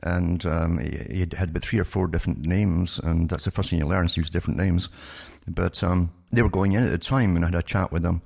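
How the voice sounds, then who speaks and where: A man's voice: deep voice, fairly even intonation, brisk, gravelly, hardly any pauses, a little mellow, breathy edge. An older man, a radio guest, telling stories from his past in a knowing, matter-of-fact way. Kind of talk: conversational radio interview.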